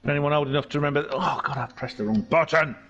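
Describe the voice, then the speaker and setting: A man's voice: a little high, lo-fi sound, a little hiss or hum. A man giving jokey, rambling live commentary on a sim race. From England. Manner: excitable, jokey, tangent-prone.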